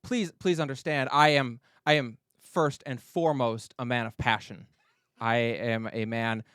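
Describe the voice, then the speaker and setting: A man's voice: medium pitch, fairly even intonation, measured pace, a bit bright, clear, resonant tone, dry recording, clean studio sound, close to an everyday voice. A man voicing a nervous, overly formal young male clan noble who stammers through apologies. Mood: flustered.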